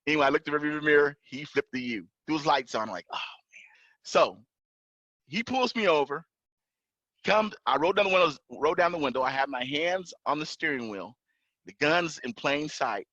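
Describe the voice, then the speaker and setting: A man tells a long story on a podcast, his voice bright and forceful and swinging widely in pitch. He acts out the other people in the story, getting loud when he quotes them. The sound is dry and a little dull, like a lo-fi podcast recording. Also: fairly quick, no room sound. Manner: animated, acts out officers' lines in raised voice. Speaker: podcast guest, pilot and entrepreneur. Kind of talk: casual storytelling.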